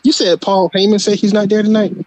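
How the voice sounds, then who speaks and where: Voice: medium pitch, level tone, a little fast, a little mellow, no room sound, low-quality recording. A co-host of a casual wrestling podcast who jokes and mocks catchphrases with impressions. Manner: joking, mocking impressions of catchphrases. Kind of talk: casual wrestling recap chat.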